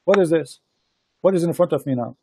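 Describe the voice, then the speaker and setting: A man hosting a heated online debate, insistent and repetitive, speaking halting non-native English into a computer mic. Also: a little high, gravelly, mellow, slightly rough. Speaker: host of a live debate stream.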